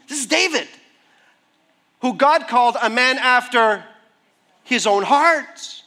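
A middle-aged man preaching a sermon, animated, acting out the voices of figures from scripture. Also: very high-pitched, takes it slowly, pauses often. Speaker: preacher, school head and therapist.

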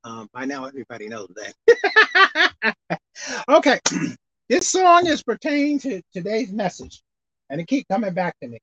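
A woman preaching a sermon in a casual, folksy way, swinging between shouted highs and low murmurs. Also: sing-song, normal speed, long pauses, breathy edge, no echo. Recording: dull lo-fi recording.

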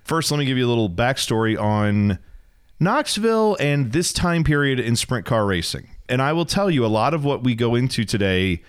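A man's voice: medium pitch, big pitch swings, clear, resonant tone. A man in his thirties hosting a casual podcast from a basement, chatty and joking. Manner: chatty, joking, quick asides. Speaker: podcast host.

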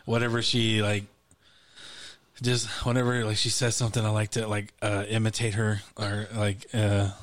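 A man's voice: fairly low pitch, little pitch movement, normal speed. A man co-hosting a casual podcast, telling stories in a loose, rambling way full of fillers. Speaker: podcast co-host. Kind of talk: casual chat.

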